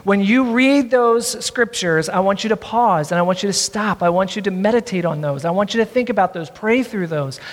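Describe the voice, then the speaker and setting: Reading scripture during a sermon, this high-voiced pastor asks the congregation to say the words back to him. He keeps a moderate pace with few pauses, and the room carries a long hall reverb.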